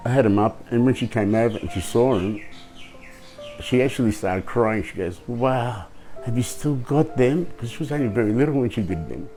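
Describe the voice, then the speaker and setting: An older man giving emotional interview testimony, speaking in a halting way and repeating words. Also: fairly low pitch, warm tone. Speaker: grieving father interviewed.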